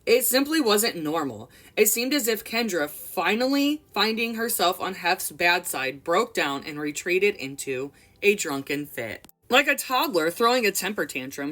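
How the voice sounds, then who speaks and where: A woman's voice: lowish voice, fairly bright tone. A young woman reading a memoir aloud expressively, breaking off for casual commentary. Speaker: book reader and commentator.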